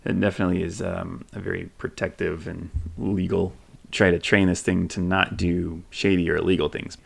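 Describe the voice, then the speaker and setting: A man casually demonstrating a chatbot on his computer, thinking aloud, reading replies off the screen, and pausing on frequent ums. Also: sits low, level tone, creaky, husky. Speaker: tech video host. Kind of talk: casual screen-recorded demo.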